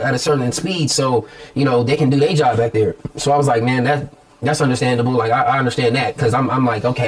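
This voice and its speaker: A man giving an emotional personal account in a news interview, retelling events by quoting himself and repeating words as he goes. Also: fairly high pitch.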